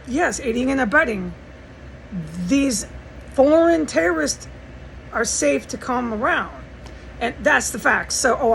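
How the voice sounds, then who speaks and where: Gravelly American woman ranting urgently. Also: fairly high pitch, fairly bright tone, slight background noise, rough recording. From United States. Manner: profane, rambling, urgent. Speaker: vlogger. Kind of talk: agitated personal monologue. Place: indoors in a house.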